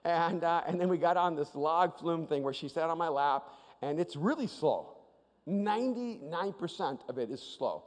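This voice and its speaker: A man preaching a sermon as an animated storyteller, often repeating his first words playfully. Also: a little high, moderate pace. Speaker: pastor. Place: church auditorium with live audience. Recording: long reverb of a large hall.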